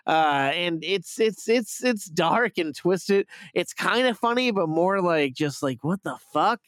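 A man's voice: high-pitched, expressive, slow pace, a bit bright, no echo. A man casually retelling a movie plot on a review podcast, rambling with lots of fillers and swearing. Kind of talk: casual chat.

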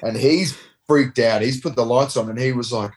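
A man's voice: mid-range voice, normal speed, darkish tone, breathy edge. A man in his thirties, a rugby player, telling a rambling, laid-back story with casual swearing in an interview. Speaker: professional rugby player guest.

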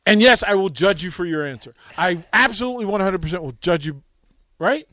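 A male radio host telling stories in casual call-in chat, swinging from loud to hushed. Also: high-pitched, fairly quick, no room sound, studio quality. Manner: animated storytelling, dramatic swings from loud to hushed.

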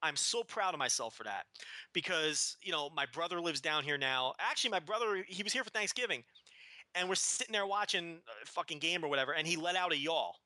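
A man co-hosting a podcast rants in a high, very bright, cutting voice. His pitch swings widely as he vents, swearing casually. It is recorded dry and close to the mic. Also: fairly quick, dry recording. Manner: animated, ranting, profane. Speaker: podcast co-host. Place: living in the American South.

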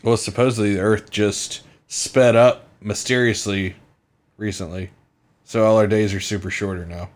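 A man's voice: fairly low pitch, fairly even intonation, moderate pace. A man co-hosting a casual podcast, wry and joking, swearing freely. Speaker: podcast co-host. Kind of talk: casual true-crime podcast chat.

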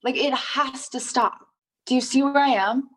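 A woman's voice: sits high, moderate pace, a bit bright, poor audio. A woman in her thirties, an interview guest, talking casually and emphatically with many "like" fillers and frequent swearing, sounding indignant.

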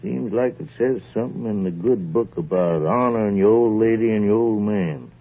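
A gravelly, slow husband. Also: male voice, lowish voice. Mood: laconic. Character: slow, simple rural husband, a killer, low-key. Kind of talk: old-time radio drama acting. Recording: tinny old radio broadcast.

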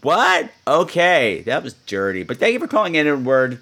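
A man's voice: fairly high pitch, wildly swooping pitch, normal speed, bright, forceful tone. A man hosting a podcast, chatting in a campy, cheeky, playful way. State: coughing. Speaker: podcast host. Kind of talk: casual podcast monologue.

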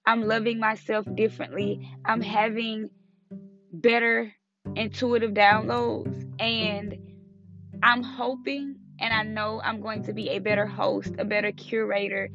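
A woman's voice: mid-range voice, little pitch movement, a little slow. A woman in her twenties hosting a podcast, talking earnestly in a casual motivational monologue, full of repeated affirmations and casual swearing. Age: 20s. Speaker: podcast host. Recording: lo-fi with music underneath.

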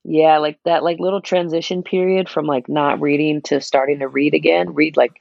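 A man's voice: on the high side, flat delivery, normal speed, creaky, no echo, highs cut off. A young man co-hosting a podcast, chatting in a laid-back way with short agreeing replies. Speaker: podcast co-host. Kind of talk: casual chat.

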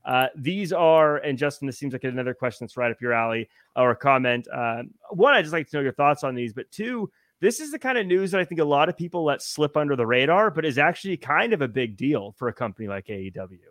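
A man's voice: mid-range voice, fast talker, hardly any pauses, no room sound, studio quality. A man hosting a wrestling podcast, reading news items and putting questions to his co-hosts. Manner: lively, guides the discussion with questions. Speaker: podcast host.

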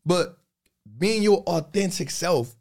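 A man in a casual podcast chat, telling stories in an animated, slangy way and repeating phrases for emphasis. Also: high voice, slow pace.

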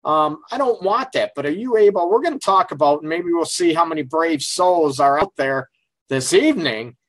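A man's voice: a little high, lively intonation, moderate pace, dry recording. A middle-aged man hosting a casual live call-in radio show from his office, talking frankly and rambling with lots of fillers. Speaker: radio show host and relationship counselor.

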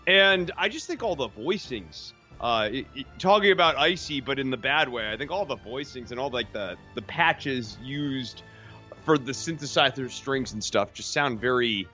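Bright, animated man on a dull mic. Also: medium pitch, moderate pace, faint music behind. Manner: analytical, critical, animated. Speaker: podcast co-host. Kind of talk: casual chat.

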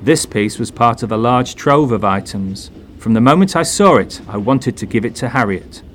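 A man voicing an indignant businessman, speaking forcefully and with passion. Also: medium pitch, expressive, normal speed, slight background noise, lightly acted. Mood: proud. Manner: forceful, impassioned. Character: indignant businessman, desperate widower.

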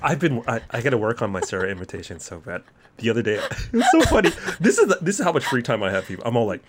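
A man's voice: mid-range voice, big pitch swings, fast, background noise. A man from Texas, in his thirties, co-hosting a casual podcast chat. He jokes, swears freely and drops into comic voices. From Southern US, Texas. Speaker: podcast co-host.

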